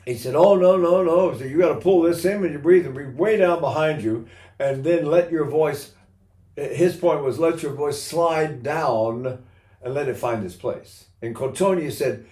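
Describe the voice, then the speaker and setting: An older man teaches singing in an animated way, now and then breaking into a sung vowel or a laugh to make his point. His speaking voice sits a bit high for a man. The room around him rings with a noticeable echo. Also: measured pace. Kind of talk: singing lesson with sung examples. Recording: roomy echo.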